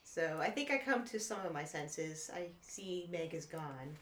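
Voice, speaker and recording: A woman's voice: sits low, animated, unhurried, echoey room, a little hiss or hum. A woman player in a tabletop game, describing her character's actions casually.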